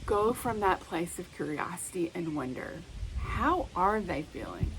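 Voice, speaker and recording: A woman hosting a self-help talk, speaking in a calm, reflective, coaching way. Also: fairly low pitch, a little slow, a little hiss or hum, rough recording. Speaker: host.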